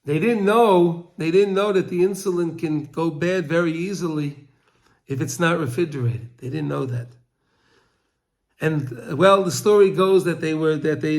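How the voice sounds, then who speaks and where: Male Torah teacher, high voice, emotional storytelling, stumbling repeats, acts out cries. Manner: emotional storyteller, repeats words and restarts, cries out quoted pleas.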